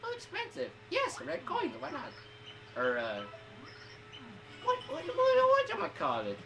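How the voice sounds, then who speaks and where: A woman's voice: extremely high pitch, huge pitch swings, unhurried, gravelly. A woman commentating her gameplay in a hyper way, shrieking and swearing at the game. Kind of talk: let's play commentary. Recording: game music under voice. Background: game music.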